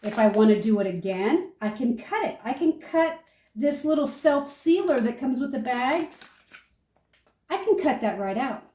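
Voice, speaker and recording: An older homesteading woman tells her story with animated, chatty energy. Her voice sits a little high, and it rings in an echoey room. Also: normal speed, distant mic. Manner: chatty, animated storyteller, talks viewers through each step. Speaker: homesteader demonstrating food storage. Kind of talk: casual how-to and storytelling.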